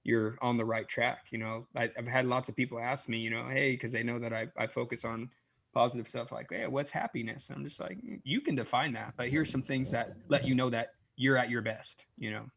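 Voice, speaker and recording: Podcast host: a man with a mid-range, gravelly voice and a thoughtful, reflective way of talking. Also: medium pitch, fairly even intonation, fairly quick, a bit bright. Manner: thoughtful, philosophizing, many "you know"s. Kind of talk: casual reflective chat.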